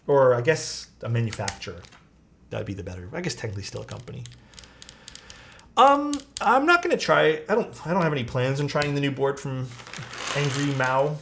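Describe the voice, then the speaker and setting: A man's voice: mid-range voice, brisk, creaky, a little hiss or hum. Casual streamer man chatting while building. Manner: relaxed, chatty, reads and answers chat while working. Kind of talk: casual livestream chat.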